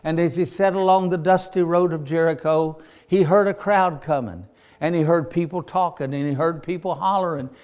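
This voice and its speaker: A man preaches a sermon in a folksy storytelling voice that sits high. He builds from plain talk to hollering as he drives each point home. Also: fairly even intonation, normal speed, darkish tone.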